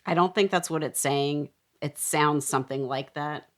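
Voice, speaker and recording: Low-voiced teasing woman co-host. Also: normal speed. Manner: teasing, stubbornly insistent. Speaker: podcast co-host. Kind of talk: casual chat reviewing ghost-hunt audio.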